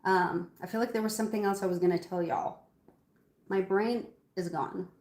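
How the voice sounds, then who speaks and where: A woman hosts a live cooking stream from her home kitchen, chatting loosely with viewers and calling them by name. Her voice sits at a middling pitch and talk meanders with frequent ums. The kitchen gives a noticeable echo. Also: fairly even intonation, moderate pace, darkish tone. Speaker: cooking livestream host. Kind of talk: casual live cooking chat.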